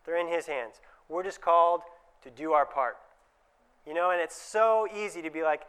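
Smooth-voiced man giving a lively talk. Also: fairly high pitch, normal speed. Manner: conversational, acts out little dialogues with changed voices. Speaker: dentist giving a presentation. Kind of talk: conference talk to dentists.

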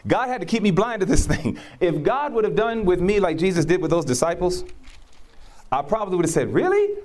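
This man's high voice moves briskly as he gives testimony in conversation, preaching and recounting personal stories. He is an animated storyteller, voicing other people's quotes and laughing frequently.

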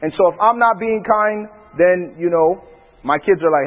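A man with a high, husky voice tells stories about his family in an animated way, laughing often. He speaks as a preacher in a casual chat. The sound is dull, and a long reverb trails behind it. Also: normal speed. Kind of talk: storytelling in casual talk.

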